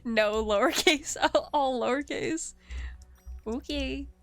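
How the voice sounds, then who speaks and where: A woman's voice: high voice, slow pace, dry recording, faint music behind. A young woman streaming live, chatting casually with her viewers, giggling often and teasing them playfully.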